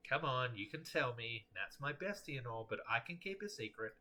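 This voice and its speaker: A man's voice: medium pitch, expressive, moderate pace. A man voicing a chatty, caring young woman who likes to tease her friend. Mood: teasing. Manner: teasing and warm.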